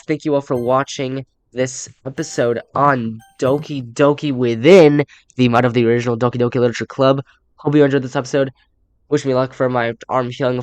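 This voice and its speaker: A young gaming YouTuber offers casual, rambling let's play commentary, reading game text aloud and signing off upbeat. His voice is medium-pitched and smooth, with no echo.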